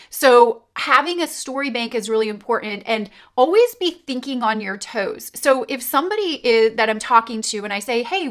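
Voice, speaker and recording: A middle-aged woman from Canada talks straight to camera, coaching on online sales in an upbeat, emphatic, conversational way. Her voice sits a little higher than most women's. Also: fairly bright tone. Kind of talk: direct-to-camera coaching talk.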